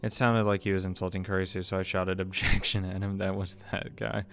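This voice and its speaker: Flat, low-voiced man reading a game aloud. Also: brisk, gravelly. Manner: stumbles and restarts words, swears in asides. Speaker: let's play narrator. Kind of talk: reading a visual novel aloud with casual commentary.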